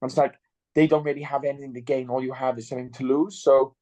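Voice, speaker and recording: A man's voice: medium pitch, level tone, fast, mellow, no room sound. A young man, a fighter in an interview, talking bluntly and swearing freely. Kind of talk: casual interview chat.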